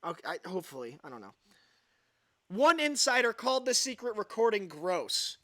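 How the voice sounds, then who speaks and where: A man's voice: high-pitched, big pitch swings, normal speed, a bit bright, dry recording. A man hosting a livestream, ranting sarcastically and reading an article aloud with sighs of exasperation. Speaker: livestream host.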